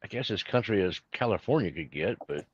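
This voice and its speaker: A man's voice: deep voice, animated, brisk, husky, no room sound, dull audio. A man co-hosting, chatting casually and agreeably about classic rock with lots of fillers.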